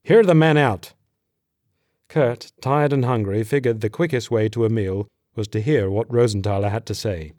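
Male narrator, steady measured audiobook reading, dry close sound. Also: on the low side, no room sound.

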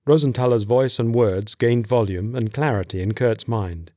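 A man narrating an audiobook in a steady, measured voice. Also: medium pitch, no echo, studio quality.

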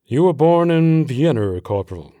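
A man voicing a short, businesslike male army major who questions briskly. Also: on the high side, expressive, mellow, voice pushed up, lightly acted.

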